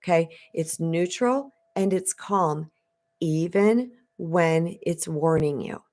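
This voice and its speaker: A woman with a fairly low voice tells a personal story on a live stream. She is a spiritual coach who talks in a chatty, conversational way and speaks straight to her viewers. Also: slow pace, darkish tone. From Arizona.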